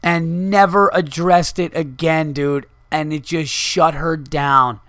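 A man's voice: a little high, fairly even intonation, slow, fairly bright tone, no echo. A man, a comedian hosting his podcast, telling a rambling, profane story in a casual monologue.

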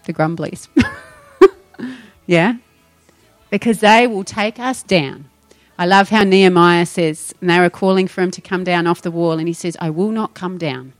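A woman's voice: on the low side, dry recording. A woman preaching a sermon, firing rhetorical questions and acting out voices. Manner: animated, rhetorical questions, acts out quoted voices.

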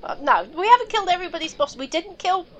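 A woman's voice: very high voice, animated, fast talker, a bit bright. A woman playing a tabletop game, playful and joking. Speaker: player.

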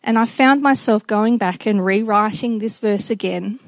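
A middle-aged woman giving a personal devotional talk to children and a congregation, earnest and reflective, with halting restarts. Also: mid-range voice, dry recording. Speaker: speaker addressing children and congregation.

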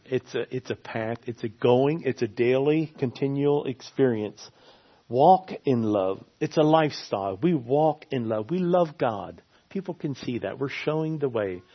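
A man preaching a sermon in an earnest way, often repeating his key phrases for emphasis. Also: mid-range voice. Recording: slightly dull lo-fi sound.

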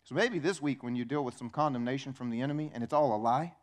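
A man preaching a sermon as pastor, animated, acting out little dialogues in changing voices. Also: medium pitch, quick pace. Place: church.

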